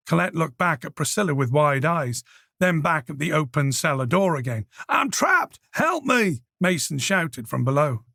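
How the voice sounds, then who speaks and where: A man reading a crime thriller audiobook with measured, scripted narration. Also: a little high, creaky, a bit bright, dry recording, studio quality. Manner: measured storytelling.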